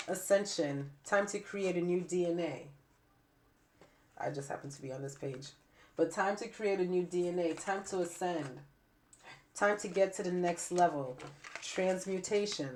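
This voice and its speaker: A woman giving a spiritual tarot reading to camera with a stuffy nose and raspy throat, repeating phrases emphatically like preaching. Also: fairly low pitch, darkish tone, a little hiss or hum. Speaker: tarot reader.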